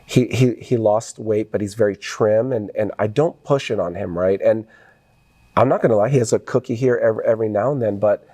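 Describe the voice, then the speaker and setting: A middle-aged man speaks as a guest on a podcast in a low, mellow voice. He talks earnestly, with feeling, in a relaxed interview. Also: fairly quick. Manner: earnest, emotional when talking about his son. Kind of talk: casual interview conversation.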